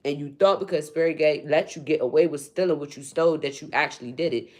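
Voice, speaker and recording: A woman spiritual reader ranting on her livestream, blunt and profane, swinging from low muttering to loud, high-pitched outbursts. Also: fast. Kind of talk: unscripted livestream rant.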